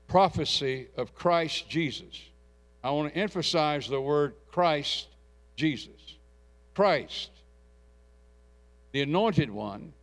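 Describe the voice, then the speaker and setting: A middle-aged man preaches a sermon, his voice sitting a little higher than most men's. He tells stories in a folksy, plain way and climbs into loud, fervent calls to the congregation. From Louisiana. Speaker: pastor.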